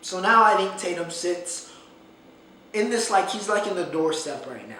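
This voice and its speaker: A man's voice: high voice, animated, normal speed, sharp tone, far from the mic. A man hosting a casual solo podcast, talking animatedly and emphatically, often repeating phrases for effect. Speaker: podcast host. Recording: echoey room, off-mic, faint noise.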